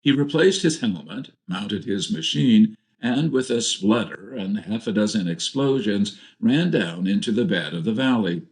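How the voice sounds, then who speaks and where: A man reading a novel aloud in a steady, measured narration. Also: lowish voice. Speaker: audiobook narrator. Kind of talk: scripted narration.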